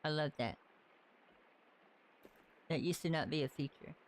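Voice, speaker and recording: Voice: medium pitch, steady tone, unhurried. A game streamer from the Southern United States with a light Southern accent, casually chatting and thinking aloud while playing. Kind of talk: casual live-stream gameplay commentary.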